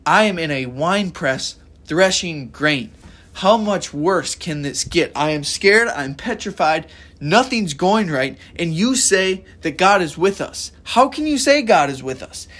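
A man acting out a starving, terrified man who is fed up and protesting hard. His voice climbs higher and higher as he fires off indignant questions, sounding exasperated throughout. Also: animated, fast talker, few pauses, fairly bright tone, breathy edge, heavily acted.

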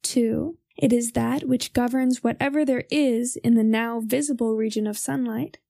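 A young woman reading a philosophy text aloud in a measured, formal way. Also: on the high side, fairly even intonation, vocal fry, warm tone, no echo, clean studio sound.

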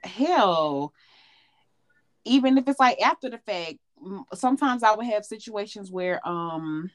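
A woman co-hosting a casual chat, telling animated and profane stories about her relationships. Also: mid-range voice, measured pace. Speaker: podcast co-host.

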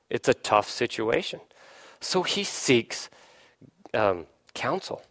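A man preaching a sermon, putting questions to his listeners and briefly acting out voices from the story. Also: slow. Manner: lively preaching, asks the listeners questions, acts out voices, drops low for emphasis. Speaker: pastor.

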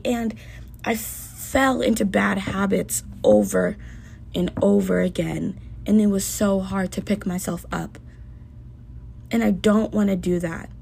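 A woman's voice: medium pitch, a little slow, creaky, breathy edge. A young woman hosting a podcast, speaking earnestly and emotionally in a personal monologue. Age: young adult. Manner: earnest, heartfelt self-talk with soft dips. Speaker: podcast host.

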